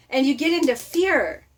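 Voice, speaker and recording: A middle-aged woman talks in a chatty, animated way in a casual motivational vlog. Her voice sits a touch high, and she keeps breaking into laughs and playful acted-out lines as she rambles through her points. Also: slow. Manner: chatty and animated, laughs often, acts out quotes. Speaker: motivational vlogger.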